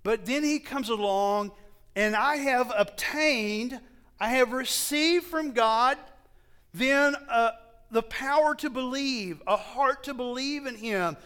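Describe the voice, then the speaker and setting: A man preaching a sermon to a congregation, slow and emphatic, often asking them questions and correcting himself as he goes. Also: very high-pitched, sharp tone, clean tone.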